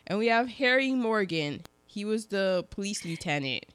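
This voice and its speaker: A woman's voice: medium pitch, animated, fairly bright tone, smooth, dry recording. Chatty woman reciting film trivia, dry sound. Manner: chatty, reads out cast trivia with quick asides. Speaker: podcast co-host presenting film facts. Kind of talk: casual chat about an old film.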